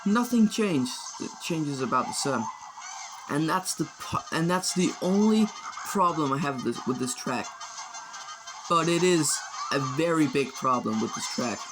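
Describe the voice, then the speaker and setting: A man's voice: medium pitch, moderate pace, poor audio. A man giving casual, rambling commentary over gameplay, often unsure and sometimes mock-outraged. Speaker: gaming video creator. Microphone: phone. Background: video game music.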